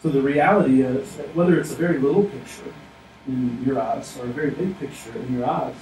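A man's voice: medium pitch, fairly quick, dark tone, slight background noise. Emphatic preaching man in echoey hall. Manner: emphatic preaching, voicing Paul in first person. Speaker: pastor. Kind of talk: sermon. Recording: echoey room, mic at a distance.

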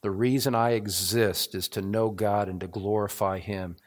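A man's voice: on the low side, fairly even intonation, moderate pace. A middle-aged man preaching a sermon as pastor, earnest and building to fervent, repetitive emphasis.

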